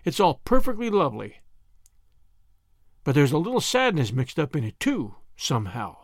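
A man's voice: on the high side, wildly swooping pitch, moderate pace, no room sound, studio quality, exaggerated voice. A man voicing a dreamy, romantic young woman who speaks earnestly and firmly. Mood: emotional.

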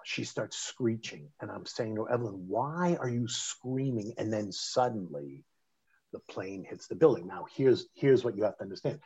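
A middle-aged man, telling a personal story in conversation, animated and emphatic, often restarting mid-phrase. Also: on the low side, normal speed, vocal fry, breathy edge. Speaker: interview guest recounting a personal story. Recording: dull lo-fi sound.

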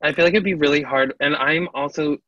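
A man with a bright, forceful voice co-hosts a chatty podcast, animated and quick to laugh as he acts out the lines of people he talks about. The sound is dry and a little dull, like lo-fi audio. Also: fairly high pitch, no echo. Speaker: podcast co-host. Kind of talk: casual chat.

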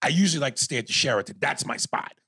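Gravelly, animated storyteller man. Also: medium pitch, very fast, dry recording. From New York. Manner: animated, swears freely, acts out quotes. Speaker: podcast co-host. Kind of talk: casual profane storytelling.

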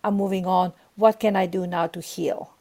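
A woman's voice: fairly low pitch, fairly even intonation, normal speed, dark tone. A woman guest on a podcast, earnestly giving spiritual advice and encouragement, often repeating herself.

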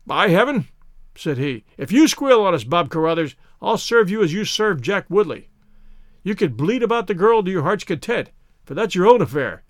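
A man reads out a foul-mouthed old rogue of a clergyman who blusters and threatens in a fairly high, raised voice. The recording is dry and close, with no room sound. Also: very animated, normal speed, no room sound. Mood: threatening. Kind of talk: audiobook character reading.

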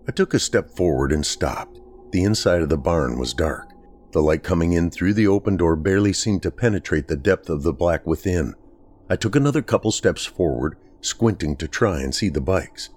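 A man reads a first-person horror story in a measured, somber manner. His voice sits very low, and he lets each sentence land with deliberate weight. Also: lively intonation, a little mellow. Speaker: narrator.

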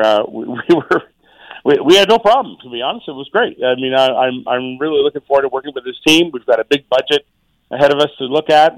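A man's voice: mid-range voice, dry recording, rough recording. A middle-aged man, a township mayor, talks casually as a radio guest, often restarting and repeating words. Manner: halting, many repeated words and fillers.

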